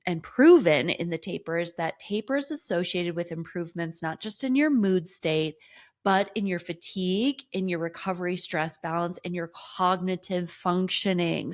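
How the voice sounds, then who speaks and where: Upbeat woman running coach. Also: on the low side. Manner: upbeat, enthusiastic, motivational. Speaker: running coach and podcast host. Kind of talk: solo podcast talk.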